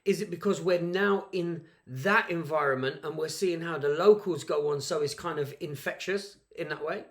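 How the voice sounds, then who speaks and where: A man's voice: fairly high pitch, moderate pace. A man from South London with a South London accent, telling a story on a podcast and musing aloud with questions. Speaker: podcast co-host. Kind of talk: casual podcast chat.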